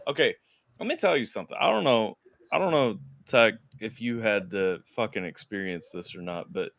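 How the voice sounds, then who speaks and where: A man's voice: medium pitch, sharp tone, no room sound. A young man hosting a stream, telling a crude story in casual chat, acting out sounds and voices. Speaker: streamer host.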